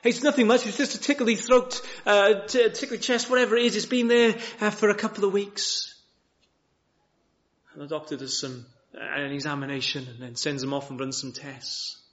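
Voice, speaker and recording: Male preacher, high animated voice, rhetorical questions, muffled lo-fi church recording. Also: moderate pace. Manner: lively, many rhetorical questions, restarts. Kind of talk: sermon. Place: church chapel.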